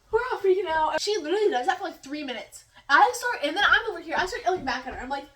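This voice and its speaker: A woman's voice: very high voice, expressive, fast, hardly any pauses, fairly bright tone, roomy sound, distant mic, a little hiss or hum. A young woman vlogger telling a rambling story in a casual, giggly way while cooking in her home kitchen.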